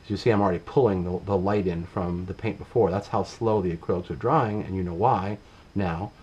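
Low-voiced man teaching acrylic painting. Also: fairly quick, husky, highs cut off. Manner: relaxed, talks while working, trails off mid-sentence. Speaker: painting instructor. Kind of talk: casual painting demonstration.

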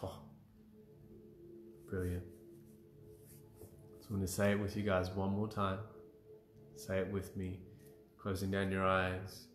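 Slow, low-voiced man guiding a healing session. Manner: slow, calm guided breathing with frequent sighs and affirmations. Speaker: emotional clearing practitioner leading a live session. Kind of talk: guided healing session on a livestream. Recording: roomy with faint music.

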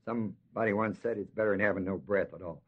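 A man teaching Bible verses in a sermon. He talks emphatically, slows down to stress key words and asks the audience questions. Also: on the low side, breathy edge. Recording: dull lo-fi 1970s tape recording.

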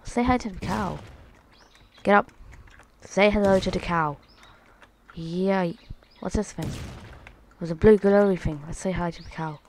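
Woman host doing let's play commentary, playful and excitable, lowish voice, game noise and clicks behind. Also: a little slow, long pauses. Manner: playful, excitable, talks to viewers as lads and guys. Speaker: gaming channel host.

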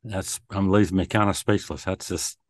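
Deep voiced host guy, says that's good a lot, asks rambly questions, dry close sound. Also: steady tone, normal speed, dry recording. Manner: affirming, hesitant with fillers. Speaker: interviewer host. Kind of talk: interview questions.

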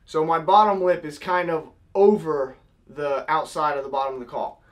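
A man's voice: on the high side, fairly even intonation, moderate pace. A young man casually teaching, step by step, how to blow a goose call. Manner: step-by-step, demonstrating with vocal honk sounds.

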